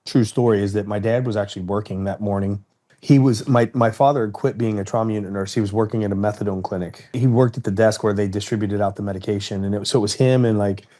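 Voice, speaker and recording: A man in his fifties from Ohio, telling a personal story in an interview in a measured, earnest way. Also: fairly low pitch, warm tone. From Cincinnati, Ohio, United States. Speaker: interview guest, retired fighter.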